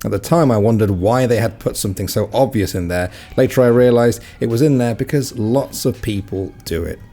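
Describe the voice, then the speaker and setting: A man's voice: mid-range voice, brisk, mellow. A man reading reddit stories aloud in a casual way, adding wry, joking comments between them. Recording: faint music behind.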